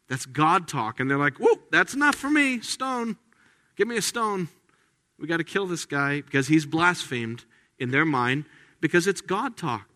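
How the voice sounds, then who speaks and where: Bright-voiced male preacher in a reverberant hall. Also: mid-range voice. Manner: animated preaching with quoted voices. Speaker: pastor. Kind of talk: sermon.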